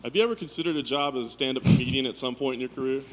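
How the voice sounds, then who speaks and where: A man's voice: mid-range voice, very fast. A male reporter putting casual questions to a fighter at a media event. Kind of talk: press interview questions. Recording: long hall reverb.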